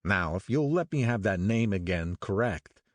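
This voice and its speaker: A man's voice: fairly low pitch, animated, normal speed, no room sound. A man reading an audiobook, voicing a blunt, demanding policeman. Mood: suspicious. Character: suspicious truculent male policeman. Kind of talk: audiobook character voice.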